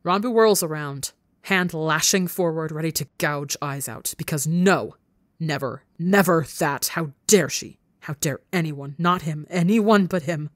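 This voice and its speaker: A woman's voice: low-pitched, measured pace, dry recording. A woman narrating a fan fiction audiobook in an intense, emotional reading. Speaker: podcast narrator.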